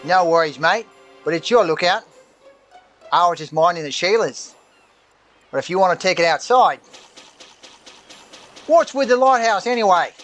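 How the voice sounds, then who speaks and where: A crude, grumbling Australian man with a high, brash voice, put on by a male game streamer. His talk is slangy and full of swearing. Faint game music plays underneath. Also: expressive, normal speed, long pauses, a bit bright.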